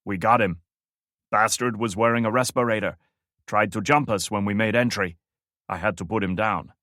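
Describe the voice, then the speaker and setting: A man's voice: on the low side, normal speed, no room sound, clean studio sound. Man voicing a cool, curt hardened operative. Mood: terse. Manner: terse, clipped, calm. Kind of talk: audiobook character voice.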